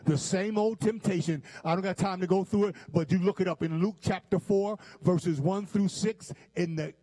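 A man delivers a sermon in a high, ringing voice. He quotes scripture with dramatic pauses and swings between slow, weighty lines and quick asides. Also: fairly even intonation, mellow. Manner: emphatic, quotes scripture with dramatic pauses, shifts pace often. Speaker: preacher.

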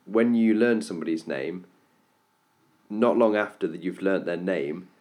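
A man's voice: deep voice, a little slow, a little mellow. A man co-hosting a casual podcast chat, asking questions and giving rambling advice with many restarts. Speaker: podcast co-host.

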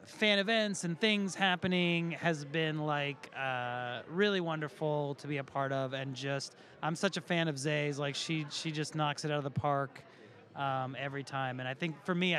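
Teasing, higher-voiced male cast member. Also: fairly bright tone. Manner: teasing, playful, asks questions back. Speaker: show cast member and guest. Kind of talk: playful casual interview chat. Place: outdoors at a fan convention.

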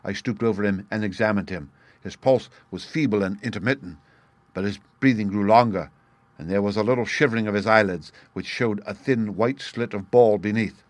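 A man reading a classic detective story aloud as narrator, in a measured, even manner. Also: on the low side, dry recording. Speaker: audiobook narrator. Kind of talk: scripted narration.

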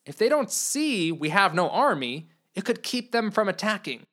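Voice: mid-range voice, sing-song, moderate pace, fairly bright tone, voice pushed up. A narrator voicing an earnest young noblewoman. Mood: urgent.

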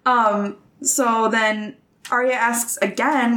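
Chatty woman retelling a book, slight fry. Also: on the high side, fairly even intonation, slow, a bit bright. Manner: chatty, many ums and likes. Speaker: podcast host summarizing a book. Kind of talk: casual book discussion.

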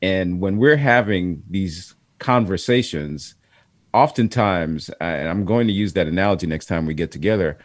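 A man's voice: deep voice, normal speed, no room sound. A man hosting a podcast, chatting and asking long set-up questions. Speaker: podcast host. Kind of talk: podcast interview.

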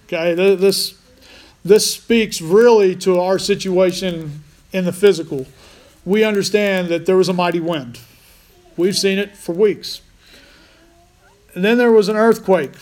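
Preacher guy, kinda high voice, chatty sermon, trips over his words a lot. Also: fairly even intonation, a little slow, darkish tone. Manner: conversational preaching with frequent restarts. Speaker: pastor.

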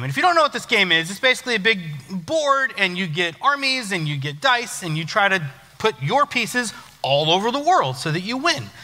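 A young adult man, a youth pastor, giving a casual, joking sermon in a church hall. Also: high-pitched. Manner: joking, self-deprecating, lively storytelling. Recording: long church hall reverb.

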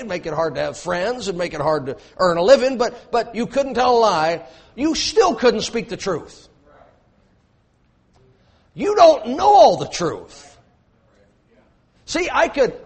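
A man's voice: high-pitched, husky. A man preaching a sermon, emphatic and repetitive, with joking asides to his congregation.

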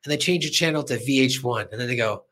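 A man's voice: mid-range voice, quick pace, pushed and bright. A man hosting a podcast, casually recapping an episode, chatty and laughing as he acts out lines. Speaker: podcast host.

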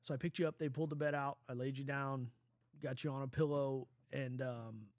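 A middle-aged man, a father, talking casually in an earnest, rambling, halting way. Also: medium pitch, steady tone, darkish tone, no room sound, studio quality. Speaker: father and podcast host. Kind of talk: casual conversation.

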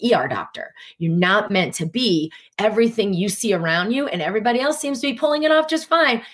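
A woman with a fairly low speaking voice gives casual spiritual coaching and answers viewer questions. She keeps slipping into quoted inner voices, jumping sharply higher for them, and alternates quick bursts with slow, stressed words. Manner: voices inner thoughts in quoted asides, often rising sharply in pitch. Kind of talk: casual teaching talk.

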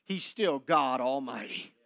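A man preaching a sermon, moving between loud emphatic declarations and hushed, low passages with dramatic pauses. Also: expressive. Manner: slow deliberate delivery with dramatic pauses. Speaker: pastor.

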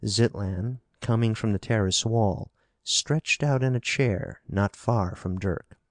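Man, low voice, scripted narration, even, dry close recording. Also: takes it slowly, no room sound. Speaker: audiobook narrator. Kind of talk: scripted narration of a pulp novel.

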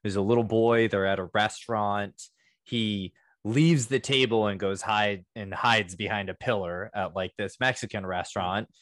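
Man, podcast co-host, casual and animated, dry close sound. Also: lowish voice, normal speed, dry recording. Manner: animated storytelling, acts out quotes. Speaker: works with fourth graders. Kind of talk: casual discussion.

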